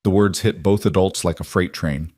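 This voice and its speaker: Low-voiced man narrating a story. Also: fairly even intonation, normal speed, a little mellow, no room sound, clean studio sound.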